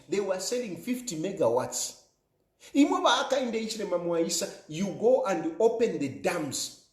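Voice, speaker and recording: A man's voice: high voice, a little mellow, roomy sound. A Zambian man delivering an emphatic political monologue, repeating phrases for effect in an accusing tone. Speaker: political commentator.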